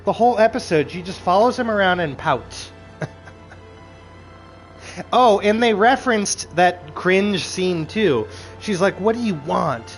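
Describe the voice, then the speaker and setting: A man's voice: high-pitched, measured pace, pauses often, soft background music, rough recording. A man giving a casual, profane recap commentary, ranting with exasperated energy and acting out quoted lines. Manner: animated, profane, exasperated rants with quoted asides. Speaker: show reviewer.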